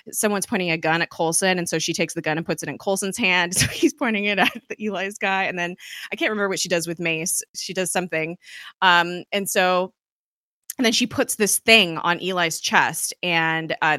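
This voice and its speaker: A woman talks through a TV episode in a loose, chatty recap, full of fillers and quick laughs. Her voice is a little low for a woman, with a bright, forceful edge. The sound is dry and close, with little room around it. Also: no echo. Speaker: podcast host recapping a TV episode.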